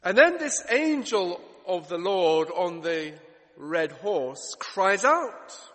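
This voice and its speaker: A man preaches a sermon, working through it with rhetorical questions and stacked, repeated phrases. His voice sits high for a man. A long reverb rings after each phrase. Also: sing-song, slow pace, fairly bright tone. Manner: expository, rhetorical questions, emphatic repetition.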